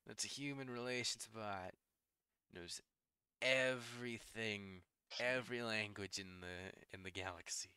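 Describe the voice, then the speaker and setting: A man's voice: fairly low pitch, unhurried, sharp tone, clear, resonant tone, no echo, clean studio sound. A young man narrating a tabletop game as game master, rambling with lots of fillers.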